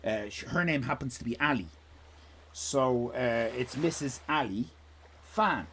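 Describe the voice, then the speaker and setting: A man's voice: medium pitch, unhurried, fairly bright tone, slight background noise. An Irish man hosting a live stream in casual chat, rambling from one tangent to the next with jokes and swearing. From Ireland. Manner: rambling, digressive, sweary, jokey.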